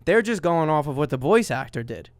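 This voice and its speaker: A man's voice: a little high, sing-song, a little fast, dry recording, clean studio sound. A man from Brooklyn, New York, co-hosting a podcast in casual chat, telling stories with emphasis. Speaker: podcast co-host.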